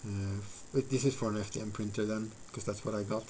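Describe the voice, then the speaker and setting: A man's voice: lowish voice, flat delivery, fairly quick, darkish tone, a little hiss or hum, rough recording. A man live-streaming while he builds a model, thinking aloud in a rambling, filler-heavy way and chatting with his viewers. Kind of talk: casual live-stream chat while crafting.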